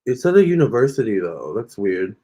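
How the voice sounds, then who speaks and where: Warm in tone, sing-song and fairly quick, his voice sits on the low side. This tarot reader from Virginia does a live-streamed reading, sassily chatting back to viewer comments and calling them honey and girl.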